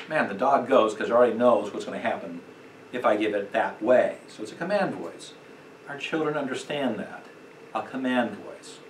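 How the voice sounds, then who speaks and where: A man teaching a church parenting class in an emphatic, conversational way, acting out quotes and chuckling often. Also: medium pitch. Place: church meeting room. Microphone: distant room mic. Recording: echoey room, distant mic, faint noise.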